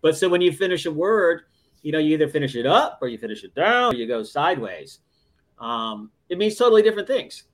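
A man with a rather high voice that swings widely in pitch, chatting on a podcast. He rambles and thinks aloud, filling the gaps with fillers. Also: sing-song, brisk. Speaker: podcast co-host. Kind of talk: casual chat.

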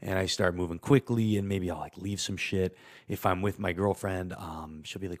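A man talking as a patient in an improvised therapy session, rambling and halting, with frequent swearing. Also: deep voice, big pitch swings, darkish tone.

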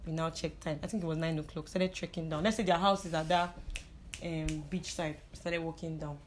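A woman's voice: deep voice, fairly even intonation, a little fast, a little hiss or hum. A young Nigerian woman telling stories in a casual chat. She mixes in pidgin and laughs often. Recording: crowd chatter in the background.

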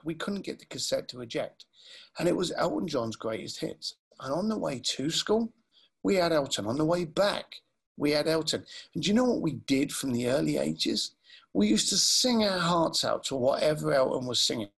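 Guy retelling a soft-spoken son missing his dad, gravelly low murmur, husky. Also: heavily acted. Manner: quiet, halting, heartfelt. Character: grown man tenderly recalling his late father.

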